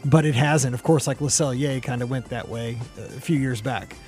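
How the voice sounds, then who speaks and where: A man's voice: medium pitch, normal speed, darkish tone, faint music behind. A man hosting a casual podcast chat, upbeat and joking, with rambling asides. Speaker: podcast host.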